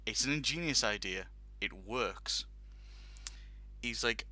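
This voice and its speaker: A podcast host with a voice on the low side tells a long, funny anecdote, speaking slowly with lively intonation and a bright, forceful tone. It's casual storytelling on a talk show, with laughs and acted-out quotes.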